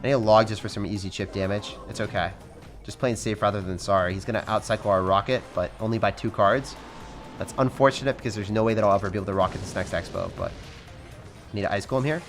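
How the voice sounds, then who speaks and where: A young man giving fast, excitable live commentary over his own gameplay, calling out to viewers as guys. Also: on the low side, faint music behind. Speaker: game commentator.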